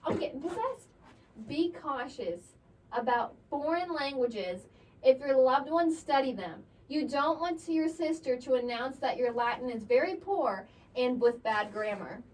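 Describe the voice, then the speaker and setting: Young woman, high-pitched, playful and giggly, casual podcast chat, a bit distant from the mic, faint background hiss. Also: expressive, measured pace, darkish tone. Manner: playful, giggly, reads aloud from an article. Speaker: podcast co-host.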